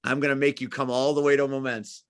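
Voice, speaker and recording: Brief: male host, effusive showman, mid-pitched voice, dry sound. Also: little pitch movement, fast, fairly bright tone, clean tone, no room sound. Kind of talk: interview host wrap-up.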